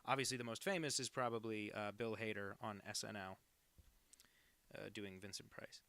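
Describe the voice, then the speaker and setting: Bright, chatty man, dry close sound. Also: lowish voice, steady tone, normal speed, dry recording. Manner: rambling, jokey, reads chat aloud. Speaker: cartoonist streaming live. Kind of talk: casual live-stream chat.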